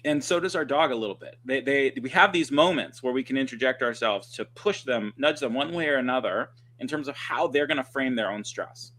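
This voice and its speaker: A man speaking as a guest dog trainer on a livestream, telling stories in an animated, conversational way with quick restarts. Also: medium pitch. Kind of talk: casual conversation. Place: livestream video call.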